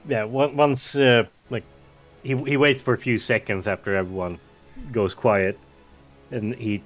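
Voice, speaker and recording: Slow, hesitant man describing his character. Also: mid-range voice, fairly even intonation, soft background music. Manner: hesitant, with many fillers and restarts. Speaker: player.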